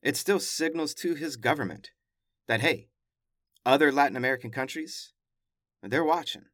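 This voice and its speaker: A man's voice: medium pitch, moderate pace, a bit bright, no room sound, clean studio sound. Wry, conversational male news podcaster. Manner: conversational, emphatic, wry asides. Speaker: podcast host. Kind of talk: casual news commentary.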